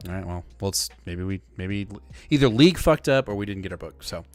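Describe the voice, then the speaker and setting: A man's voice: deep voice, lively intonation, fast, darkish tone, dry recording, faint music behind. A man co-hosting a casual podcast, talking about comics in a laid-back, slangy way. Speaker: podcast co-host. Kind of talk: casual comic book review chat.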